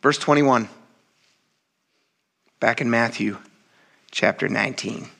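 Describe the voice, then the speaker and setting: Animated casual man preaching a sermon. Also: mid-range voice, takes it slowly, vocal fry. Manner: animated, acts out voices in quoted dialogue; casual, addresses congregation as "you guys". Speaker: pastor.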